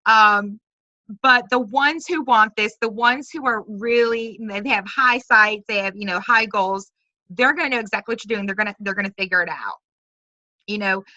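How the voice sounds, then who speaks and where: Bright, chatty woman coaching on a call. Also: on the high side, no echo, highs cut off. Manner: upbeat, chatty, quotes messages in a lively voice. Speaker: team leader. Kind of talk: coaching talk on a video conference. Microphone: video call.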